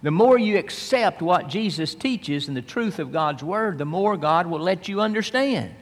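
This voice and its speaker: A man preaching from the Bible, reading verses slowly and then explaining them in plain speech. He rises for emphasis and drops low and soft. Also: lively intonation, long reverb tail. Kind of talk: expository Bible teaching.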